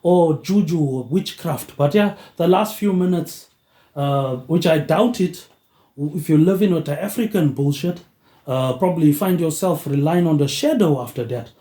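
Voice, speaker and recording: Rambling man with a mellow, roomy voice. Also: fairly high pitch, normal speed. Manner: rambling, repeats "mate, eh" with a dropping tag. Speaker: podcast host. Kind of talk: rambling monologue.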